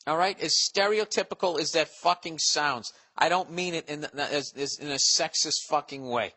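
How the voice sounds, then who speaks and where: A man in his forties with a Boston accent hosts a podcast, and his slightly high, sharp-toned voice moves at a normal speed through a sarcastic, profane, comedic ramble over listener mail. There's a long reverb tail.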